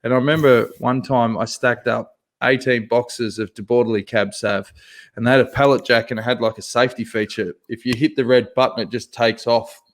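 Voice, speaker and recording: A man co-hosting a podcast, telling a long story in a lively, profane way and laughing as he goes. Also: mid-range voice, brisk. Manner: animated, swears freely, laughs through his own story. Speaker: podcast co-host. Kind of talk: casual storytelling chat.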